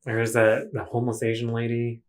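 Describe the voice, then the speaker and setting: A young man chatting casually on a podcast, his voice sitting at an ordinary middle pitch. He tells stories with energy and slips into put-on voices for the people he quotes. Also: a little fast, a crowd in the background. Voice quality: animated, acts out quoted voices. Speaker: podcast co-host. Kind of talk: casual storytelling chat.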